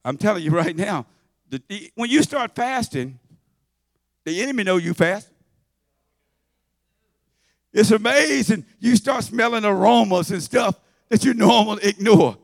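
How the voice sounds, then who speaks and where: A man preaching a sermon in church, folksy and conversational, swinging from shouts to low asides. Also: animated, unhurried, gravelly, long pauses, no echo, studio quality. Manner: shouting and half-singing at high points, then dropping to low asides; conversational, folksy, with repetitions and laughter.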